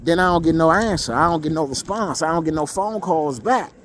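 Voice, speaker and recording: A man's voice: on the high side, brisk, a little hiss or hum. A man giving a blunt, emotional monologue, profane and repeating himself for emphasis. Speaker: vlogger.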